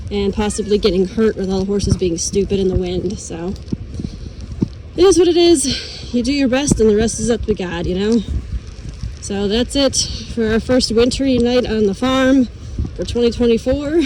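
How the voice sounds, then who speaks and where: A woman's voice: mid-range voice, moderate pace. A woman chatting casually as she vlogs from her farm during a windy snowstorm. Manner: chatty, talks softly to her cats. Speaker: vlogger on a horse farm. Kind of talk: casual vlog chat.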